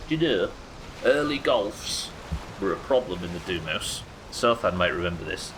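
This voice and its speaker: A man's voice: lowish voice, background noise. A man chatting casually while streaming a game, crude and joking, laughing often. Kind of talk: casual live-stream chat.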